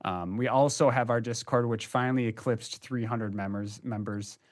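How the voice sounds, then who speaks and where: A man's voice: mid-range voice, normal speed. A young man co-hosting a casual podcast, talking loosely with plenty of ums and restarts. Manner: chatty, loose, many fillers. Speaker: podcast co-host.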